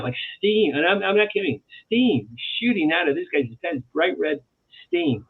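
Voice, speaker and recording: A man, an author guest on an interview show, telling animated anecdotes and repeating phrases for emphasis. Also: on the high side, normal speed, breathy edge. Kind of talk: storytelling in a talk-show interview. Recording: tinny phone-like line.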